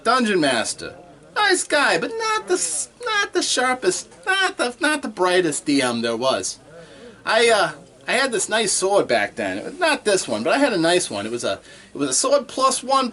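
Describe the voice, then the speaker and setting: Boastful bard comic, played by a man, in-character stand-up, bright lively delivery, laughs at own puns. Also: sits high, normal speed, full character voice. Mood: cheesy. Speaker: stand-up comedian.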